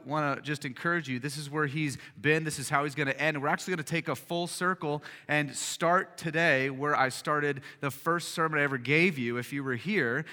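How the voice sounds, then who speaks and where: A man's voice: on the high side, sharp tone. A man pastor preaching a sermon, emphatic and conversational with frequent fillers. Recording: reverberant hall.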